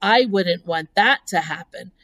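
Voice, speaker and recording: A woman voicing an innocent, tender-hearted young male pig who pleads slowly and sounds aghast. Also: fairly low pitch, animated, a bit bright. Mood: earnest.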